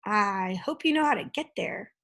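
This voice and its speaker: A woman reading aloud, voicing a grateful, gentle male dragon who is a little anxious, speaking politely. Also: medium pitch, lively intonation, normal speed.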